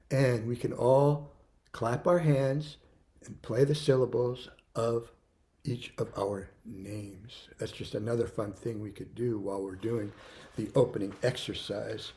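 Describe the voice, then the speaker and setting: A man teaching a music lesson to young children, counting beats loudly and then dropping to soft prompts, repeating words patiently. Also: mid-range voice, a little slow.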